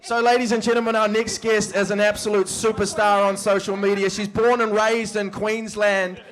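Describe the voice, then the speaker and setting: An upbeat man hosts a live show from a pub. His voice is fairly high for a man, and he moves briskly from introducing the guest to asking her questions. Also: little pitch movement, a bit bright. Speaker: host.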